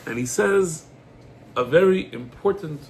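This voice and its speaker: High, gravelly-voiced rabbi teaching a class. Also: male voice, unhurried, a little hiss or hum. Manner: animated storyteller, acts out dialogue, rhetorical questions. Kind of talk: lively Torah class, mixing English with Hebrew quotes.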